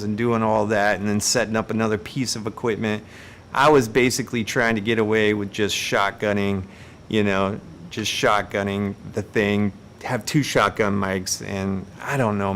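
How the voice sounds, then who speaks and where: A man hosting a live stream, telling everyday stories in a casual, animated, self-mocking way and laughing between lines. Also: on the low side, normal speed, a little hiss or hum.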